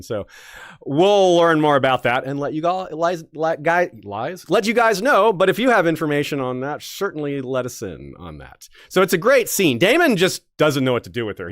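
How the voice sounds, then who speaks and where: A man in casual conversation whose pitch swings up and down as he talks. He rambles a bit, restarting phrases and laughing often. The sound is dry and close to the mic. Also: fairly bright tone, dry recording. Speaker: podcast co-host. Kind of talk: casual discussion.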